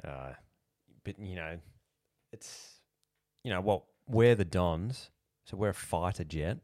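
A man's voice: low-pitched, slow pace, a little mellow, no room sound, studio quality. A man with an Australian accent co-hosting a casual podcast, laid-back and blunt, swearing casually. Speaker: podcast co-host. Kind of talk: casual chat.

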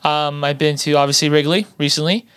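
A man co-hosts a sports podcast in loose, rambling chat full of fillers and restarts. His voice sits a little high and comes through smooth and clear. The sound is dry and close. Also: steady tone, brisk, a bit bright, dry recording. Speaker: podcast co-host. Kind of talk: casual chat.

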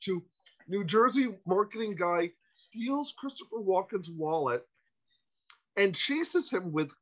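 A man telling a long anecdote as a podcast guest, animated and stumbling over his restarts, on a muffled lo-fi recording. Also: sits high, measured pace. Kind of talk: storytelling anecdote. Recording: muffled lo-fi audio.

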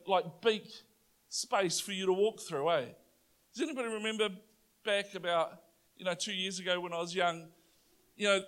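A New Zealand man preaches a sermon, his voice sitting high for a man. He tells a story with animated, playful energy and climbs to loud, triumphant declarations.

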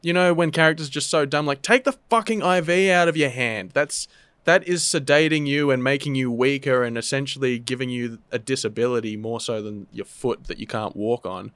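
A man's voice: mid-range voice, a little fast, a bit bright, clean tone, no room sound. Sweary joking guy ranting about a movie, dead dry sound. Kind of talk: casual podcast chat.

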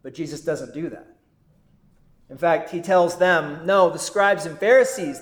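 A man's voice: a little high, echoey room. A man, a pastor, preaching a sermon in an earnest, conversational way, often asking his listeners rhetorical questions.

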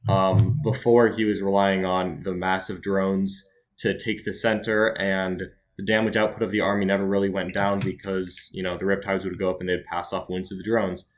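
Deep-voiced man talking strategy. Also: a little hiss or hum. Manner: measured, frequent "um" fillers. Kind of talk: casual analytical chat.

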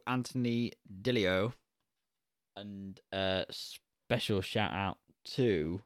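A man's voice: mid-range voice, smooth, no room sound, clean studio sound. Rambling man reviewing a film. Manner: rambling, self-correcting, laughs a lot. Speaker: podcast co-host. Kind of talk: casual film review chat.

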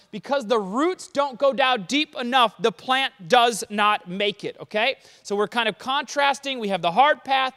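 A man preaching a conversational sermon in an animated way, often checking in with his listeners. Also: extremely high pitch, smooth. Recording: long hall reverb.

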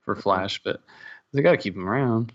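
A man's voice: fairly low pitch, normal speed. A married man co-hosting a casual podcast, rambling and hesitant with small chuckles. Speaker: podcast co-host. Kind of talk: casual chat. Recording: slightly dull, lo-fi sound.

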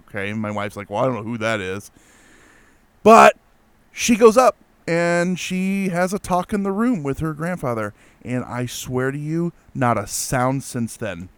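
A man casually telling a spooky personal story, animated and full of fillers and restarts. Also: mid-range voice, smooth. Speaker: guest telling a ghost story.

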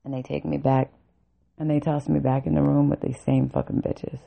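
Over a tinny, phone-quality recording, a woman with a deep voice and vocal fry speaks at a moderate pace in a level tone. She is a vlogger telling a furious, foul-mouthed story about army training, punctuated by bitter laughter.

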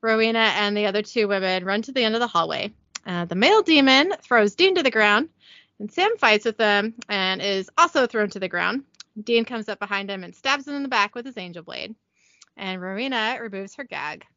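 A young woman hosting a podcast, casually recapping a TV episode from her notes, giggly and brisk. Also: medium pitch, animated, sharp tone, no room sound, highs cut off. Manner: giggly, reads scene descriptions briskly.

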